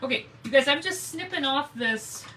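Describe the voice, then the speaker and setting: A woman's voice: high voice, expressive, moderate pace, bright, forceful tone, recorded from a distance, slight background noise, low-quality recording. A woman hosting a live craft stream, chatting casually and greeting viewers by name as she works. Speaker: craft livestream host.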